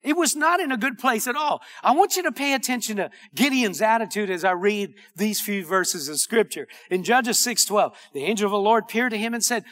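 A male pastor preaching with fervor, his voice sitting high and bright. He swings from calm teaching into loud, urgent cries. He reads verses aloud to his congregation. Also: brisk, hardly any pauses. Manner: impassioned preaching, often shouting, reads scripture aloud. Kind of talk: sermon.

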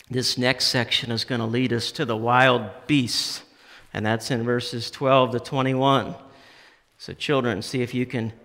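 A man preaching a sermon, reading scripture aloud with feeling and rising to impassioned shouts on key phrases. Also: mid-range voice. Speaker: pastor. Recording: long hall reverb.

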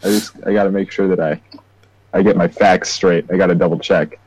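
A young man playing a tabletop game, making joking quick asides, heard through a dull, dry lo-fi mic. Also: sits low, fairly even intonation, darkish tone, husky, no echo. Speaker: player. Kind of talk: casual tabletop play.

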